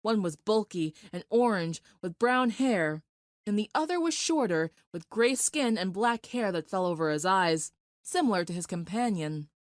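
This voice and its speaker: A woman narrating a dramatic fan fiction story in a steady, vivid storytelling voice. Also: mid-range voice, normal speed, dry recording, studio quality.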